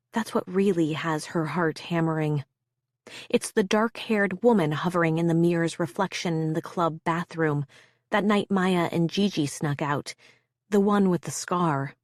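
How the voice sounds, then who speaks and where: A woman reading a thriller audiobook in a measured, suspenseful way. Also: on the low side, no echo, studio quality. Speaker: audiobook narrator. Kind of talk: scripted audiobook narration.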